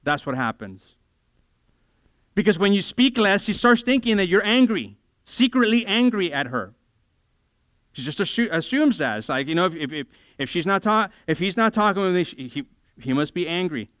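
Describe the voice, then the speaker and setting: Animated man preaching in a clear, high voice. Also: no echo, studio quality. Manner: animated, acts out conversations in quick voices, self-deprecating humor. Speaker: pastor. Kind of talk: sermon. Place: church.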